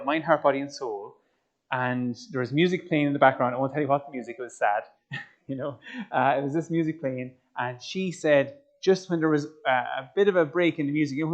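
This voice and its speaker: A man giving a personal testimony talk, telling his story in an animated way and turning to the audience with questions. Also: fairly high pitch. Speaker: speaker. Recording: slightly muffled recording.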